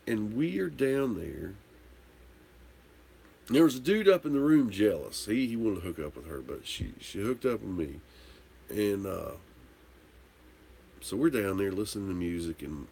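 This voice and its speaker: This livestream host has a deep, creaky, darkish voice, with slight background noise around him. Tipsy from drinking, he rambles through a candid story in response to viewer comments, cursing casually.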